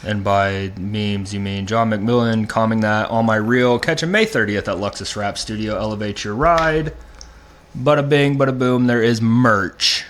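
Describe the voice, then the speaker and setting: A young man hosting a comedy podcast, teasing his guest with deadpan jokes in casual chat. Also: lowish voice, measured pace, a little hiss or hum. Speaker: podcast host.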